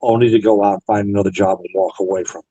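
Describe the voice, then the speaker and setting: A man's voice: on the low side, fairly even intonation, quick pace, mellow, husky, no echo, muffled recording. Dry-voiced veteran man telling stories. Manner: retells conversations, quoting both sides. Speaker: Navy veteran guest. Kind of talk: storytelling interview.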